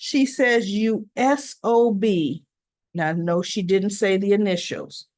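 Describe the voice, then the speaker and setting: A woman's voice: medium pitch, slow pace, darkish tone, no room sound. A woman hosting a casual recap, retelling scenes with acted-out quotes and chatty asides. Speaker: soap opera recap host.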